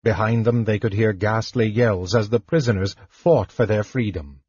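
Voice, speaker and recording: A man reading a fantasy novel aloud in slow, measured narration. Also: fairly low pitch, a little mellow, breathy edge, dry recording. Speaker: audiobook narrator. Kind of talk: scripted narration. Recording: dull lo-fi recording.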